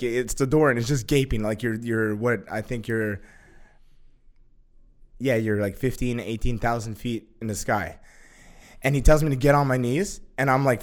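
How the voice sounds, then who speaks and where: A young man in casual chat, telling a story excitedly, swearing a lot and acting out what others said. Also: medium pitch. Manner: excitable, profane, acts out quotes with laughter.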